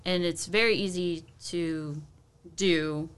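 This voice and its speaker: A woman's voice: on the low side, fairly even intonation, slow, clean tone. A woman, a venue staff member talking upbeat with many fillers as a podcast guest. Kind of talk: casual podcast interview.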